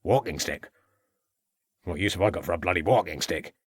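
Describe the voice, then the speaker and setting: A man's voice: deep voice, brisk, husky, no room sound, clean studio sound, voice pushed down. A man voicing a surly, aggressive farmer suspect who talks in defiant, ungrammatical rustic speech.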